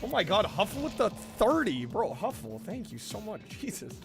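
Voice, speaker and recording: A man's voice: high voice, wildly swooping pitch, moderate pace, vocal fry. A man hosting a casual livestream, chatting in a laid-back way and thanking viewers. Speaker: streamer host. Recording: music playing under voice. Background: background music.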